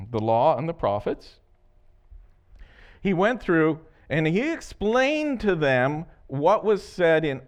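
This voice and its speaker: A man preaching a sermon as a pastor, animated and laughing often as he acts out the story. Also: fairly high pitch.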